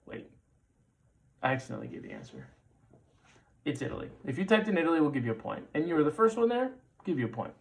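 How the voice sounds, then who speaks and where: A man's voice: fairly high pitch, huge pitch swings, fast, gravelly, long pauses. A man in his thirties hosting a trivia quiz, repeating questions with playful jokey asides. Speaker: trivia show host.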